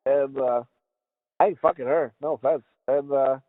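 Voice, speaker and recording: A man's voice: mid-range voice, steady tone, moderate pace, dry recording. A man co-hosting a podcast, rambling through crude jokes and laughing often. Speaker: podcast co-host. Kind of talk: crude casual banter. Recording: tinny phone-like sound.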